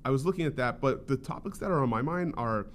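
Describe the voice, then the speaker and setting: A man's voice: medium pitch, expressive, fast, slight background noise. A young adult man, a podcast host and author appearing as a guest, chatting casually with lots of fillers and restarts. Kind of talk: casual chat.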